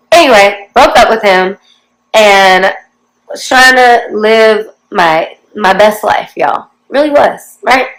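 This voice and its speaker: A woman's voice: mid-range voice, animated, slow pace, fairly bright tone, low-quality recording. A woman in her forties telling her life story to her viewers in a chatty, confiding way, often talking straight to them. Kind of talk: casual storytelling to camera.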